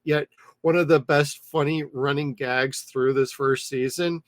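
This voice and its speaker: A man's voice: fairly high pitch, steady tone, measured pace, no room sound. A man co-hosting a casual podcast, talking eagerly with lots of fillers about a show he loves. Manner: enthusiastic, filler-heavy. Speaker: podcast co-host. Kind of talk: casual chat.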